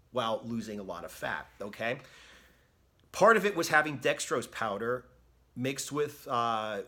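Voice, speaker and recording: A man's voice: mid-range voice, a bit bright. A man coaching fitness in a direct-to-camera rant, blunt and profane, tagging his points with "okay?" and mocking excuses in quoted asides.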